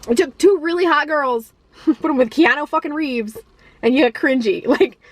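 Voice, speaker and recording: A woman with a high voice rants about a film she disliked in a loose, rambling way, full of fillers and restarts. She swears freely, laughs often and sounds exasperated. The sound is close and dry, with no room around it. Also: moderate pace, no echo. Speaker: movie reviewer. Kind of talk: casual ranting movie review.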